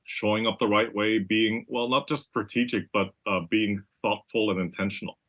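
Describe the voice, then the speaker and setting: A man's voice: fairly low pitch, steady tone, normal speed, fairly bright tone. A man hosting a podcast, chatting casually and often checking in with his guest. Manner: conversational, keeps checking in with "right?". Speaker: podcast host. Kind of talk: casual interview chat.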